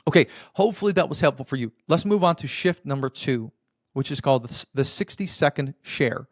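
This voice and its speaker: A man's voice: medium pitch, expressive, a little fast, no echo, clean studio sound. A man hosting a podcast, giving earnest, coaching-style advice on marriage and often checking in with the listener. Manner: addresses listener as brother. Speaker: podcast host. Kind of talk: motivational marriage advice talk.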